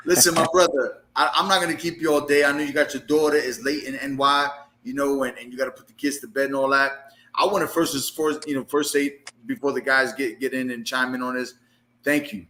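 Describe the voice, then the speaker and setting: A man's voice: mid-range voice, steady tone, fairly quick, bright, forceful tone. A man hosting a podcast, talking casually and thanking his guest with lots of fillers. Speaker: podcast host.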